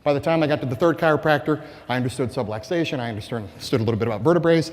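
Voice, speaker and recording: A man giving a conference keynote speech to sales staff, animated and rhetorical, often asking the audience questions. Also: mid-range voice, very fast. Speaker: keynote speaker. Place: conference hall. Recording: long reverb of a large hall.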